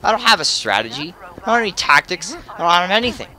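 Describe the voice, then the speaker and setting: Male let's-play host, furious profane rant, stammers; tense bright voice, lively pitch. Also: quick pace, slight background noise. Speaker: gamer. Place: at home playing on a television.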